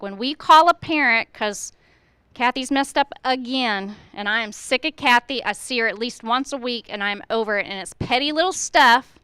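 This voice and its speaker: A woman's voice: high-pitched, sharp tone, clear, resonant tone, no echo. A middle-aged woman, a school administrator, speaking earnestly to fellow educators at a staff meeting, firing off rhetorical questions and acting out how teachers should talk to students.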